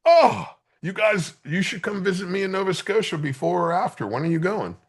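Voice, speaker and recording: Brisk and high-voiced with a breathy edge, a podcast host in his fifties chats with friends. He tells his stories animatedly, joking around and swearing freely.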